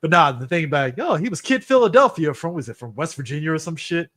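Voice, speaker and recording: Animated, excitable man co-hosting a podcast. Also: a little high, quick pace. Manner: excitable, swears freely, retells movie scenes. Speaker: podcast co-host. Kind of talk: casual chat.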